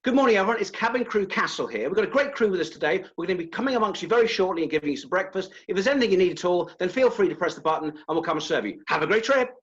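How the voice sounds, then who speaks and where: Man playing a perky flight attendant, high and loud, quick sing-song lilt, muffled lo-fi sound. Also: expressive. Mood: bubbly, eager. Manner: fast, sing-song, rising at phrase ends. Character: bubbly friendly male cabin crew member.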